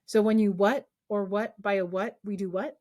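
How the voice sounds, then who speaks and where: A woman's voice: mid-range voice, fairly even intonation, moderate pace, a little mellow. A woman math teacher leading an online class over a video call, coaxing students with call-and-response questions.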